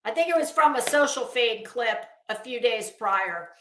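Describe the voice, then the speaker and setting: A woman's voice: a little high, lively intonation, normal speed, fairly bright tone, echoey room. A woman streamer doing casual commentary, chatty and sassy, talking straight to the people she discusses. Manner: chatty, sassy, addresses people directly with asides and laughs.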